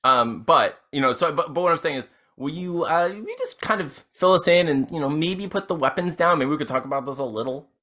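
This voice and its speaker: A man's voice: a little high, fairly quick, hardly any pauses, bright, forceful tone. A man playing a tabletop game, rambling with fillers and frequent laughs. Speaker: player. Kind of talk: casual tabletop role-play.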